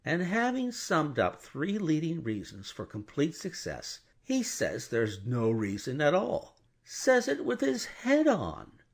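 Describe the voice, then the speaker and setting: A blustering, pushy middle-aged lawyer, as a male narrator puts him on in an audiobook, pressing his case loudly and indignantly. His husky voice is raised above the narration and swings widely in pitch. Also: huge pitch swings, takes it slowly, exaggerated voice.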